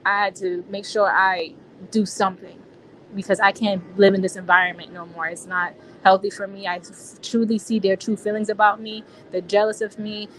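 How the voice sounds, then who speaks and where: A woman's voice: medium pitch, level tone, normal speed, fairly bright tone, a little hiss or hum, poor audio. Woman telling a story in casual slang. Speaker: interviewee. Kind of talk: personal account in an interview.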